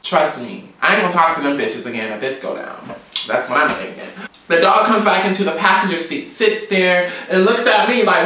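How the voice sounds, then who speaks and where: A woman from Georgia, telling a story in a sassy, animated, profane vlog rant. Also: low-pitched, brisk, far from the mic, a little hiss or hum. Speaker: vlogger. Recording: very echoey room, away from mic.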